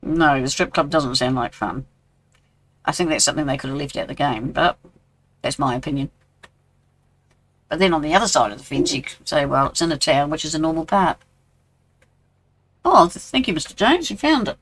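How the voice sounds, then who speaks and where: A man's voice: on the high side, fairly quick, long pauses, fairly bright tone, low-quality recording. A man in his sixties with a New Zealand accent, chatting casually with viewers while streaming a game and answering their messages. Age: 60s. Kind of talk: casual live-stream chat.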